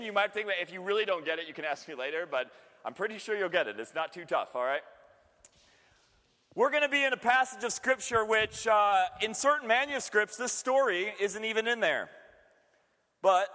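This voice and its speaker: Man, preacher, high voice, casual joking sermon, laughs a lot, long hall echo. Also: pushed and bright. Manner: chatty and joking, laughs often. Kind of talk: casual sermon to a youth group.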